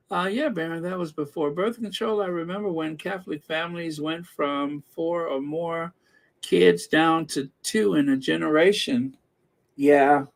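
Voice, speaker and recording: A middle-aged man from the Midwest talks his way through a casual livestream in a fairly high voice. He reads viewer comments aloud at an unhurried pace, filling gaps with ums and easy chuckles. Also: creaky. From American Midwest. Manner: chatty, laughs often, reads comments aloud with frequent fillers. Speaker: host reading live chat.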